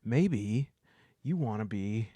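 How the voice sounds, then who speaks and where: A man's voice: fairly low pitch, lively intonation, slow pace, warm tone, slightly rough, dry recording, exaggerated voice. A man voicing an impatient, threatening male adventurer who talks bluntly. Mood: menacing. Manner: blunt, menacing.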